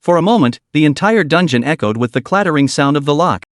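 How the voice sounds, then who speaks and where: A man's voice: fairly high pitch, expressive, quick pace, no room sound, clean studio sound. A man narrating a story recap in a scripted, dramatic storytelling manner.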